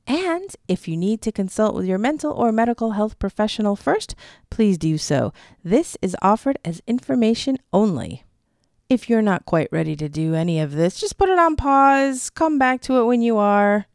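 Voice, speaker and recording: A woman leading a guided tapping session, speaking in a gentle, reassuring way and pausing so listeners can repeat after her. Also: mid-range voice, sing-song, dry recording, clean studio sound.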